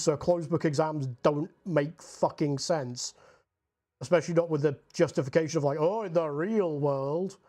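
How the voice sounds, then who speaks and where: This young man's voice is fairly high and a touch mellow, with a Scottish accent. While painting for his livestream he chats loosely and rambles, peppering his talk with swear words and "like."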